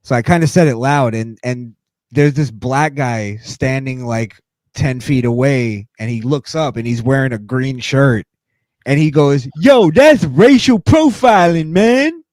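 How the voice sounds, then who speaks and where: Male co-host with a mid-pitched, easygoing delivery, swears freely, dry close sound. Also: steady tone, unhurried, darkish tone, no room sound. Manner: laid-back, profane, does voices in anecdotes. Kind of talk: casual storytelling chat.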